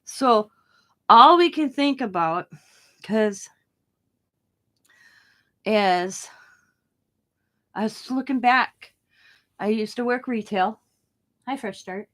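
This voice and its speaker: A woman's voice: fairly high pitch, animated, slow pace, long pauses, a bit bright. A middle-aged woman chatting casually about her day while she crafts, rambling and laughing as she goes. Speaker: craft vlogger.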